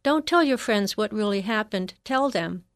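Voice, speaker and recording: A woman's voice: medium pitch, lively intonation, normal speed, no echo, natural voice. A stern grieving father speaks in short, clipped orders, read out by a woman in her own voice. The sound is dry and close, with no room around it. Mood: firm.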